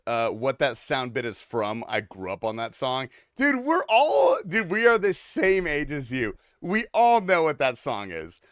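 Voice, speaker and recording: A man's voice: mid-range voice, clear, resonant tone, no room sound, studio quality. A man streaming a game, joking with chat in a loose, profane, laughing ramble. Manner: joking, rambling, swears often, laughs a lot. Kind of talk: casual livestream chat.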